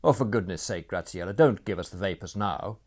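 A man's voice: medium pitch, expressive, normal speed, pitched above the performer's own voice, close to an everyday voice. A man voicing a bad-tempered young aristocrat who snaps and barks orders, in a storybook reading. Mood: irritable. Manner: snapping, loud and irritable.

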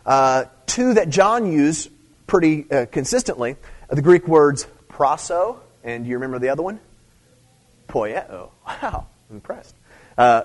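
A man preaching a sermon in a casual, conversational way, repeating phrases, checking in with "okay?", and rising to loud emphatic stress. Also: fairly high pitch. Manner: conversational, repeats himself, frequent "okay?" and "see"; rises to loud emphatic stress on key points. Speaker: pastor.

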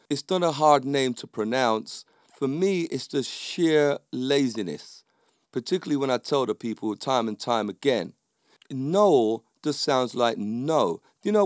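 A man's voice: mid-range voice, dry recording, clean studio sound. A man giving an emphatic casual monologue as a podcast host, often adding tag questions.

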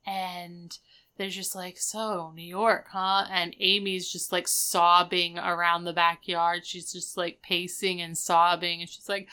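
Slow-talking bright woman recapping a show. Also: lowish voice, smooth. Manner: retells scenes by acting out characters' lines. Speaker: podcast co-host recapping a sitcom. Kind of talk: casual chat.

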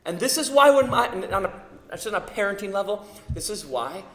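A middle-aged man, a pastor, preaching a sermon with emphatic build-ups to loud peaks on key words. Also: sits high, expressive, a little fast. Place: church sanctuary. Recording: echoey hall reverb.

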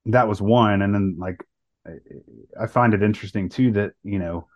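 Low-voiced man telling a personal story. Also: normal speed, no echo, dull audio. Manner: earnest, many fillers and restarts. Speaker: podcast co-host. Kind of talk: casual podcast storytelling.

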